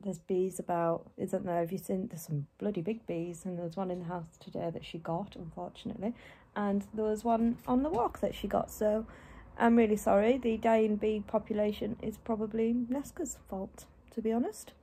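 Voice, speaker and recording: A woman's voice: mid-range voice, fairly even intonation, normal speed, warm tone, slightly rough. A young woman, chatting casually in a vlog and often talking to her dog. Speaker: vlogger.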